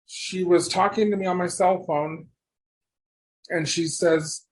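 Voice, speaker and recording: A man as a podcast guest, telling stories in a rambling, animated way and often restarting his sentences. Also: high voice, takes it slowly. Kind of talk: casual storytelling conversation.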